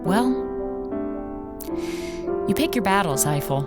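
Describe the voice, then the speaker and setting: An actress playing a stern female space station commander whose first language is Polish, speaking with measured control in an audio drama. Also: medium pitch, lively intonation. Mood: reflective. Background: music under the dialogue.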